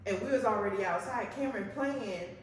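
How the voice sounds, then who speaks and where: A woman's voice: mid-range voice, a little fast, a crowd in the background. A young woman co-hosting a podcast, telling chatty everyday stories in a casual way. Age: young adult. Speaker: podcast co-host. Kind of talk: casual chat. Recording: echoey hall from far off with faint noise.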